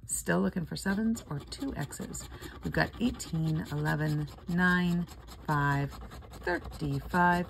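A woman's voice: lowish voice, vocal fry, a little hiss or hum. An older woman casually chatting and reading out numbers while scratching lottery tickets, playful and sleepy. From Florida. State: sleepy, yawning.

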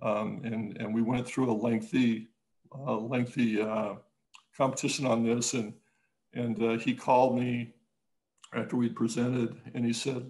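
A man, an architect, talking casually in an interview, halting with many restarts and growing lively when he tells a story. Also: mid-range voice, rough recording. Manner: halting, many restarts and fillers, animated when telling stories.

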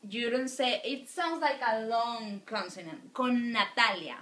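Slow, patient woman teaching in echoey room. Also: on the high side, animated. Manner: slow, patient, models words for students to repeat. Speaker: Spanish teacher. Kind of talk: recorded video lecture.

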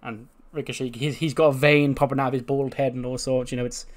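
A man's voice: medium pitch, level tone, fast. A young man casually recapping a simulation game, chatty and swearing freely. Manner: chatty, swears, laughs at the results. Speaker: gaming channel host.

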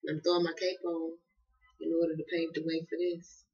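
A woman's voice: deep voice, flat delivery, fairly quick, a little mellow. A woman from the Southern United States with a Southern accent, giving a casual tarot reading in a profane, emphatic and slangy way. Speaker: tarot card reader. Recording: dull lo-fi audio.

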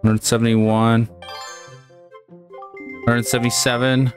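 A man hosting a casual let's-play, excitable and quick to swear, yelling and cheering as he plays. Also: medium pitch, soft background music. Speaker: gaming channel host.

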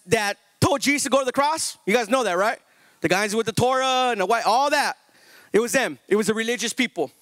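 A male pastor preaching a sermon, firing rhetorical questions at the congregation and swinging between loud, high emphasis and slow, hushed passages. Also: no echo.

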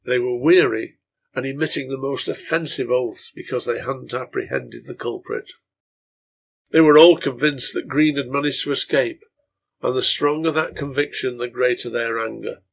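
A man reading a novel aloud in a steady storytelling manner. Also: medium pitch, normal speed, vocal fry. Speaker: reader of a translated serial novel.

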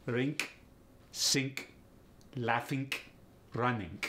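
A man putting on a heavy Russian accent, repeating words and phrases slowly and deliberately. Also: mid-range voice, expressive, slight background noise, close to an everyday voice. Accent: put-on Russian accent. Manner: slow, deliberate, clipped repetition of words.

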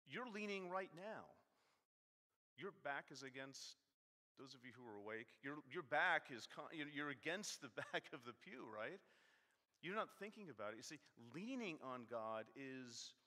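A man's voice: fairly high pitch, expressive, moderate pace, sharp tone. A man giving a conversational, self-deprecating sermon in a church, animating his points by mock-arguing with his text. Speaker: guest preacher. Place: church sanctuary. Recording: long church reverb.

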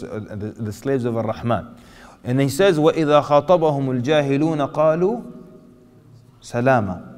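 A man preaching an animated lecture to an audience, asking them questions and acting out quotes. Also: mid-range voice. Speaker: Islamic preacher. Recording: hall reverb.

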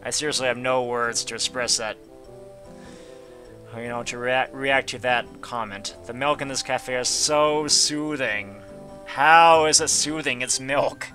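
A man's voice: mid-range voice, fairly even intonation, measured pace, bright, forceful tone, faint music behind. A man giving casual gameplay commentary, reading game text aloud and adding goofy asides. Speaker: let's player.

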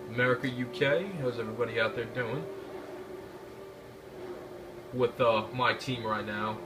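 A young man giving loud, profane, excitable live commentary over a shooter game, yelping when things go wrong. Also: medium pitch, a little slow, long pauses, distant mic, noisy background. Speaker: gaming commentator.

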